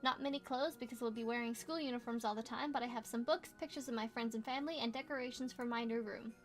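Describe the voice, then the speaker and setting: A woman's voice: on the high side, fairly even intonation, faint music behind. Playful young woman reading a game aloud. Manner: playful, quick asides and exclamations. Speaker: gamer reading a visual novel aloud. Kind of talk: casual let's play reading with asides.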